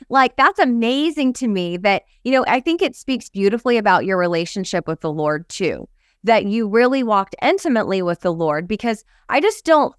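A woman's voice: fairly high pitch, expressive, normal speed, clean tone, no room sound, studio quality. A woman hosting an interview, responding to her guest in an enthusiastic, affirming way. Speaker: interviewer and host. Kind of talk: warm conversational interview.

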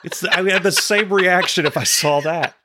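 A man co-hosting a podcast, telling a story as a casual, animated rant. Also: sits high, normal speed, background noise. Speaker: podcast co-host. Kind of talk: casual chat.

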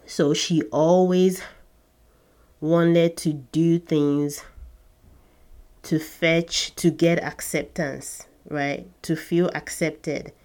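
A woman with a lowish voice talks slowly and unhurriedly as a podcast host. She tells a personal story to her listeners, earnest and reflective, and breaks into short laughs now and then. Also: steady tone, a little mellow.

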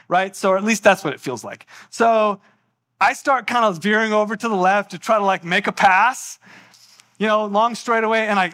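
A man preaching with a high, bright and forceful voice. He tells a personal story with lots of animation and acts out the voices in it. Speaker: pastor.

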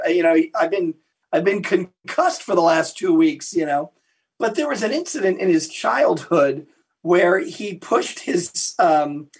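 A man being interviewed as a historian, telling lively anecdotes and acting out the quotes in his stories. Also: sits high, slightly rough. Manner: animated anecdote teller who acts out quotes. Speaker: guest historian and author. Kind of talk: interview storytelling.

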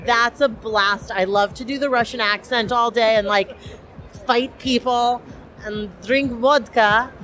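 Chatty young woman, slightly high voice. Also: fairly even intonation, measured pace, fairly bright tone, faint music behind. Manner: chatty, enthusiastic, many fillers. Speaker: cosplayer guest. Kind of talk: casual interview at a convention.

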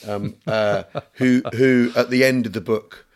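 A man's voice: mid-range voice, steady tone, unhurried. A middle-aged English man co-hosting a history podcast, joking and rambling with lots of fillers and restarts. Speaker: podcast co-host. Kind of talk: casual chat.

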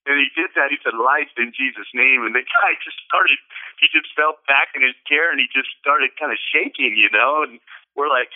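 A man's voice: medium pitch, normal speed. A man calling in to share a personal story in casual, rambling talk, full of fillers and restarts. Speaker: caller sharing a testimony. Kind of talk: casual storytelling on a call-in show. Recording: tinny phone line.

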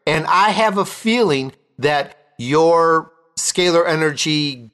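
Excitable joking male host. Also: fairly high pitch, takes it slowly. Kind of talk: interview, casual chat.

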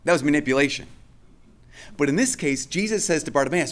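A man's voice: a little high, lively intonation, fast talker, fairly bright tone. A male pastor preaching a sermon in a conversational way, often restarting and repeating phrases for emphasis.

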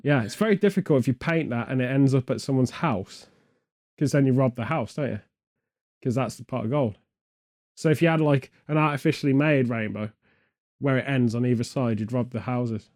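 A man's voice: medium pitch, a little fast, a little mellow. A man from the UK chatting casually, spinning meandering, absurd comic tangents with a straight face. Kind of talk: comedic rambling chat.

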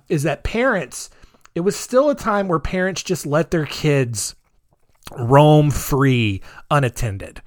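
Male host in his thirties, chatty and sardonic, very expressive pitch, dry booth sound. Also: no room sound. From United States. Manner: rambling, chatty, dark sarcastic humor. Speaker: podcast host. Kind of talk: casual podcast monologue.

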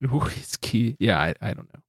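A man's voice: lowish voice, sing-song, normal speed, gravelly, a bit bright, husky, no room sound. A man hosting a casual podcast, reading out a countdown list in a loose, joking, foul-mouthed way. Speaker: podcast host.

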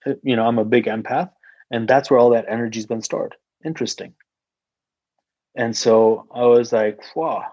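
Husky man telling a rambling story. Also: mid-range voice, fairly even intonation, normal speed, darkish tone, no room sound, dull audio. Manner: rambling, heavy use of "like", swears freely. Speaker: guest telling a personal story. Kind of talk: casual podcast conversation.

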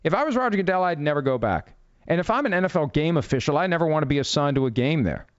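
A man's voice: a little high, animated, fast talker, clean tone, no room sound. Guy ranting about a lawsuit, blunt and sarcastic, dull dry lo-fi sound. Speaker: legal commentator. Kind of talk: opinionated commentary.

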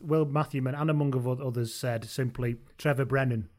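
Regular-pitched guy hosting a podcast, dry teasing humour, laughs a lot. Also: steady tone, moderate pace, darkish tone. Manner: wry, teasing, laughs often. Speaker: podcast host. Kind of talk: casual sports chat.

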